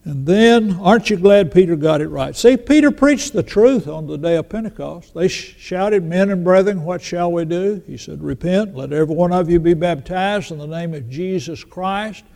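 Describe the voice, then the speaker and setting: A man's voice: sits high, lively intonation, normal speed, creaky, few pauses, darkish tone. An older man preaching a sermon in a folksy storytelling manner, acting out the voices of the people he quotes. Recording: long reverb in a large hall.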